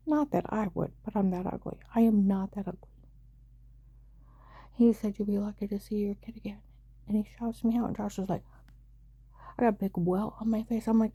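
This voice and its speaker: A woman's voice: mid-range voice, fairly even intonation, normal speed, long pauses, warm tone, slightly rough, no room sound. A middle-aged woman emotionally retelling a frightening family story, acting out the dialogue of the people involved. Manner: emotional, breathless retelling with frequent quoted dialogue. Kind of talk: personal testimony.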